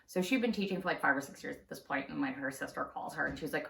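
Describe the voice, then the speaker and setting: A woman telling a true story in a casual storytime vlog, chatty and quick to laugh, recorded in an echoey room. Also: low voice, creaky, a bit bright, recorded from a distance. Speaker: craft channel host. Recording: roomy echo.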